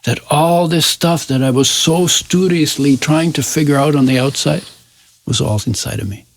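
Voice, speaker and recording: A man's voice: a little high, moderate pace, a little hiss or hum. A man in his eighties, a guest in an interview, telling his life story in a reflective, searching way that often trails off mid-sentence. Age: 80s.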